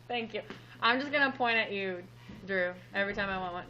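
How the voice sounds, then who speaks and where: A woman's bright, fairly high voice guides a classroom math lesson at an unhurried pace. She sounds upbeat and playful and stays teasing with her students. The audio is a little dull and muffled. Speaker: math teacher.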